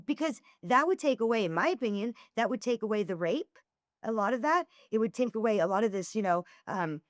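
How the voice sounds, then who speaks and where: Animated woman guest telling stories. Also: a little high, fairly quick, dry recording, studio quality. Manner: animated storyteller who acts out dialogue. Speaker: podcast guest, former swingers event host. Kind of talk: casual podcast conversation.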